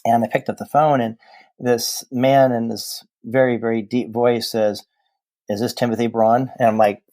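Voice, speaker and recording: A man who works as a medium appears as a podcast guest, telling stories animatedly and acting out the conversations he quotes, often restarting his sentences. His mid-range voice moves at a moderate pace with no room sound.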